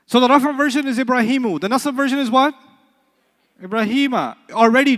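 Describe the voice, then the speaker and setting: A man teaching an Arabic class in a lively, playful way, joking and quizzing his students. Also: high-pitched. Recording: long hall reverb.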